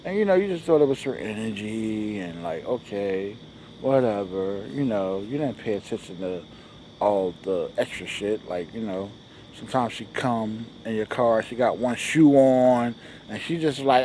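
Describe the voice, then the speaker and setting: A man's voice: a little slow, warm tone, slight background noise. A man hosting a comedy show, telling a loose, slangy stand-up monologue and acting out the people in his stories. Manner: loose slangy storytelling, acts out dialogue in shifting voices; sings a repeated show jingle in a high voice.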